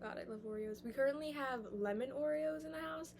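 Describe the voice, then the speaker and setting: A young woman musing aloud in a casual, rambling vlog monologue, sometimes sliding into soft whispers. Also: high voice, fairly quick, noisy background. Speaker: vlogger. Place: indoors, sitting on the floor.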